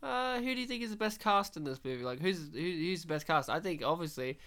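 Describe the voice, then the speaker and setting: A man with a fairly high voice hosts a casual movie commentary. He talks in an animated, jokey way and keeps jumping into high, mocking put-on voices to make a point. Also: fast talker. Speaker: podcast host leading a movie commentary.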